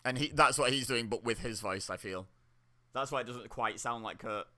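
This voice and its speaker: A man's voice: mid-range voice, normal speed, bright, forceful tone. A young man giving casual, chatty commentary while watching a wrestling show, reacting aloud with laughs and exclamations. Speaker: wrestling watch-along host.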